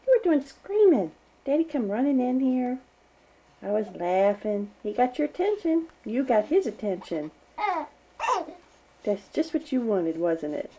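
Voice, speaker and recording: A woman's voice: medium pitch, warm tone, breathy edge, low-quality recording. A mother filming her baby at home, talking to him in a cooing, teasing, sing-song baby voice. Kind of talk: baby talk to an infant. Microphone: handheld home video camera.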